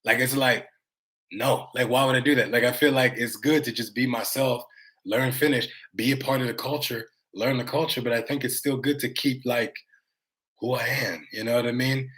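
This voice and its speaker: A man's voice: mid-range voice, steady tone, moderate pace, a bit bright. An American man vlogging live, chatting casually to his viewers in a rambling, conversational way, reading their comments aloud and swearing now and then. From United States.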